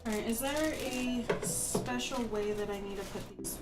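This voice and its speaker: A woman's voice: a little high, moderate pace. Young woman on stream building her first pc, kinda loopy and silly, mic across the room, music behind. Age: young adult. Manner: goofy, self-mocking, chatty. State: a little loopy from painkillers. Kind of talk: casual livestream chat. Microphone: microphone across the room, sounds distant.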